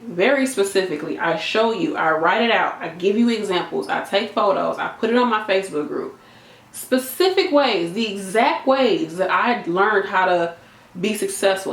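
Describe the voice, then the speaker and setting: A woman nurse giving an animated, emphatic motivational talk to camera, chatty and repeating her points. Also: mid-range voice. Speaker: nurse and video creator. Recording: echoey room.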